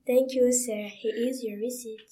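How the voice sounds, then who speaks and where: A woman's voice: fairly high pitch, fairly even intonation, a little slow, mellow. A young schoolgirl reading her lines in a class play, plainly and carefully. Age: child. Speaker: pupil reading a part.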